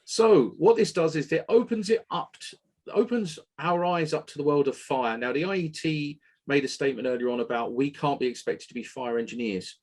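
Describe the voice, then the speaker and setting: Male webinar host, husky, opinionated, lively delivery. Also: fairly high pitch, a little fast. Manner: animated, opinionated, occasional swearing. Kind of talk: casual technical webinar talk.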